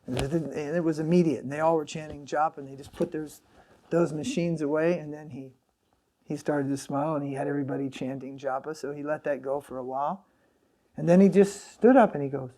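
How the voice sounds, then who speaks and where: A man giving a sermon as a swami, telling a story in a halting way with many fillers and restarts. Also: fairly high pitch, warm tone.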